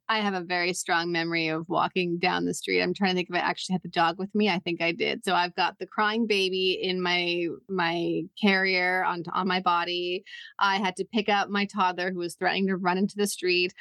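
A woman's voice: fairly low pitch, a bit bright, no echo. Woman host and therapist, reflective conversational delivery, dry close recording. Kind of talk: casual podcast conversation.

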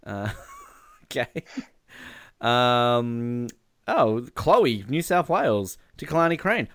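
A man's voice: mid-range voice, expressive, slow, pauses often, a bit bright, dry recording, clean studio sound. A young man hosting radio, chatting casually and reading listener messages with teasing asides. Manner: amused, laughs often, teasing asides. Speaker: radio host.

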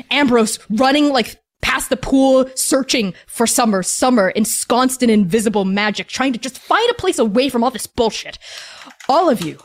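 A woman narrating as game master in a tabletop game, casual and full of "like"s. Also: a little high. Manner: casual, filler-heavy narration with many "like"s.

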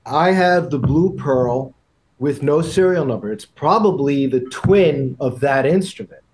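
Slow-telling middle-aged man guest. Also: on the high side, animated, a little mellow. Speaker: guest, music retail executive. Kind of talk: casual interview talk.

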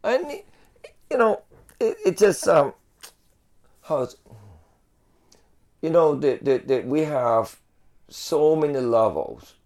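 A man's voice: fairly high pitch, very animated, takes it slowly, long pauses, darkish tone. A man telling a long story in casual chat, rambling with many fillers and restarts.

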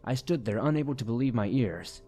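A man reading a first-person horror story aloud in a steady, grave storytelling manner. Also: medium pitch, brisk. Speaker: narrator. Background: faint music.

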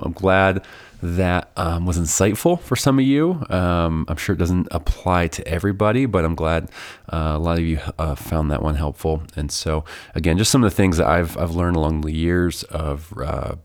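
Host type: young adult man, deep voice, congested from a cold, loose chatty podcast delivery full of ums and restarts. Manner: rambling, many fillers and restarts. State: stuffy from a summer cold. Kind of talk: casual solo podcast intro.

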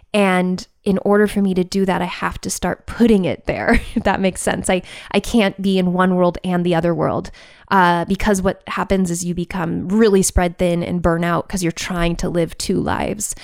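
A woman's voice: lowish voice, creaky, darkish tone, no echo, studio quality. A woman giving a heartfelt, reflective talk to camera about recovery. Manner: heartfelt and searching.

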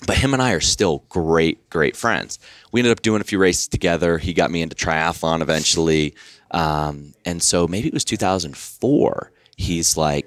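A very deep, low-voiced man in his forties tells a story on a podcast, animated and chatty, laughing often and circling back on his sentences. The sound is dry and close, with no room around him. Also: moderate pace, dry recording. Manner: animated, laughs often, many fillers and restarts. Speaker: podcast guest. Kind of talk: casual storytelling.

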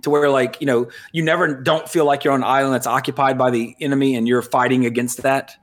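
A man's voice: mid-range voice, fairly even intonation, quick pace. A man co-hosting a podcast in casual chat, rambling with fillers and restarts. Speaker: podcast co-host.

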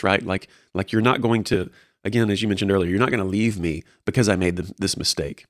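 A man talks quickly and earnestly about guiding young people, with a fairly low voice. He restarts phrases often as he encourages his listeners. The sound is dry and close. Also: steady tone, no echo. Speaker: co-host discussing mentoring. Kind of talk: casual faith-based discussion.

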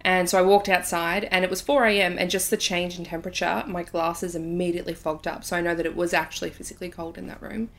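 A woman co-hosting a casual podcast, telling a story in an animated way and often laughing. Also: lowish voice, quick pace, vocal fry, hardly any pauses. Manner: animated, breathless when telling scary parts, laughs often. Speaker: podcast co-host.

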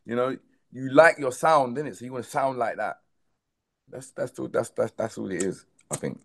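A man's voice: medium pitch, moderate pace, vocal fry, slight background noise. South london guy, musician, chatting hyped in an interview, keeps saying bro and man. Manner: animated, repetitive, emphatic, says "bro" and "man" often. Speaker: guest, dancehall artist. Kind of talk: casual interview chat.

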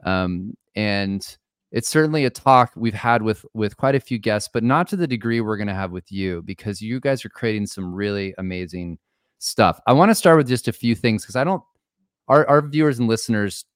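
A man's voice: lowish voice, moderate pace, smooth, no room sound, studio quality. A man co-hosting a podcast, easygoing, steering the talk into questions for his guest. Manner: easygoing, frequent "yeah" backchannels, leads into questions. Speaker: podcast co-host. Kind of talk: casual podcast interviewing.

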